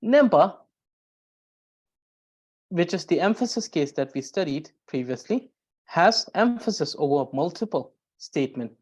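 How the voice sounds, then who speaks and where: A woman teaching Tibetan grammar as a lesson, explaining carefully and often repeating and rephrasing her points with frequent pauses. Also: low-pitched, expressive, a little mellow, husky.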